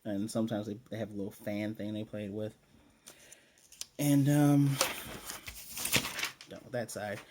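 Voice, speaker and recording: A man's voice: fairly low pitch, dark tone, a little hiss or hum. A man giving a casual, rambling episode recap and review of an anime, with sarcastic asides.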